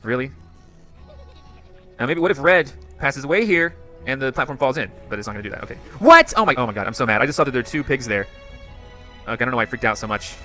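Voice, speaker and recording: A man playing a game on video, reacting loudly and bursting out in frustration. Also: mid-range voice, quick pace, long pauses, soft background music. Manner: loud outbursts of frustration. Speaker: gamer. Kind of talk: excited gameplay reaction.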